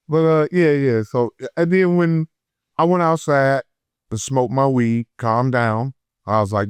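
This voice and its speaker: A man from Detroit with a Detroit accent, telling a story in an unfiltered, profane, heated way, swinging between loud and low. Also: unhurried, clean tone, no room sound, clean studio sound. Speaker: guest. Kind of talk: unfiltered casual interview. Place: podcast studio.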